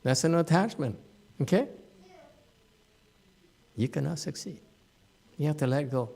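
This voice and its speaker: A man giving a dharma talk to students in a slow, unhurried way. He speaks plainly and bluntly, teasing his listeners. His sentences are full of fillers and restarts. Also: a little high, animated, vocal fry, darkish tone. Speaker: Buddhist teacher. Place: meditation center hall.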